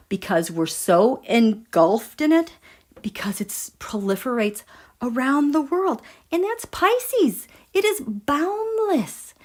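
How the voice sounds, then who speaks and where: A woman hosting a tarot and astrology livestream, chatting casually and emphatically with her viewers and reading out their comments. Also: medium pitch. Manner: animated, emphatic, talks straight to her viewers.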